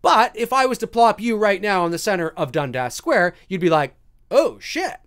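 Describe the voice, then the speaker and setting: A man hosting a live stream answers viewer questions and tells stories in an animated way, swearing freely and acting out scenes. His voice sits high, smooth and a little fast.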